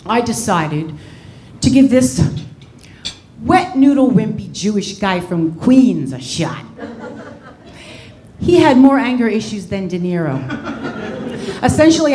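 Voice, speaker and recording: Young woman comic, loud and brash, bouncy voice, roomy club sound. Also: medium pitch, a little hiss or hum. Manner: brash, swearing, animated storytelling. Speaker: stand-up comedian. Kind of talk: stand-up comedy set. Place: comedy club stage.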